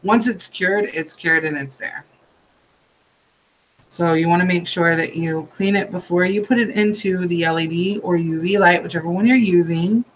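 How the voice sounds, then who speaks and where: A man's voice: high voice, normal speed, a bit bright, low-quality recording. A tired man hosting a nail art tutorial, chatting casually and drifting into rambling asides while he works.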